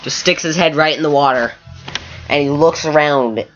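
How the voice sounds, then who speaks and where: A man's voice: a little high, moderate pace, a bit bright, lo-fi sound, faint music behind. Rambling man retelling a game story. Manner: rambling, full of "like" fillers and restarts. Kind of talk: casual spoken storytelling.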